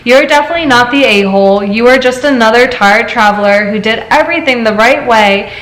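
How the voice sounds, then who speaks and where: A woman hosting a casual chat show, reading stories aloud and telling her own story in an animated way. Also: on the high side, a little fast. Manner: animated storyteller, laughs often. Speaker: host. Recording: echoey room.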